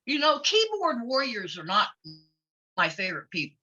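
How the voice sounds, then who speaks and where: A woman, a former wrestler, chatting openly in an interview, outspoken and quick to laugh. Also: fairly high pitch, huge pitch swings, pushed and bright. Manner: outspoken and blunt, laughs easily. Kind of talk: casual interview chat. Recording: lo-fi audio.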